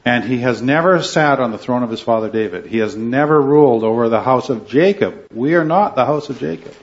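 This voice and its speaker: A man's voice: mid-range voice, fairly quick. A man teaching a Bible study class to a group, earnestly checking in with "right?" and "okay" as he leads the discussion. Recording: dull lo-fi recording.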